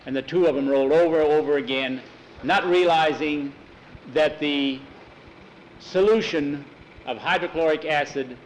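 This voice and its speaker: A man's voice: medium pitch, a little hiss or hum, low-quality recording. Man telling a dramatic story aloud. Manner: plain spoken narration with unscripted restarts.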